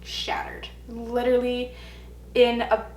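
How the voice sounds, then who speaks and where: A young woman with a fairly high voice tells a personal story to her camera, bringing the quoted lines to life. Her voice carries an echoey room sound with a faint hum behind it. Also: little pitch movement, slow, a little mellow. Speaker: vlogger. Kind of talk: storytime vlog.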